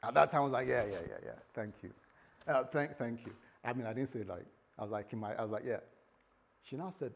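A man preaching a sermon, telling a story and acting out both sides of a conversation, dropping to a hush and then rising loud. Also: medium pitch, fast talker, creaky, a little hiss or hum. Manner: storytelling, acts out dialogue, swings from hushed to loud. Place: church hall with a congregation. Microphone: recorded for the church website.

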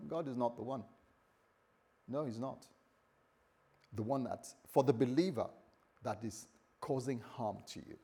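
A man preaching a sermon as pastor, emphatic, swinging between loud declarations and hushed questions. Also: mid-range voice, unhurried, pauses often, husky.

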